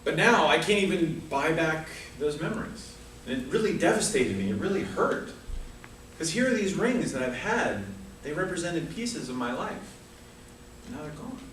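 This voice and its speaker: This man's voice is a little high and fairly bright, with a sing-song lilt at normal speed. He gives a rehearsed funny story with comic asides at a speaking club, heard from far off in an echoey meeting room with slight background noise.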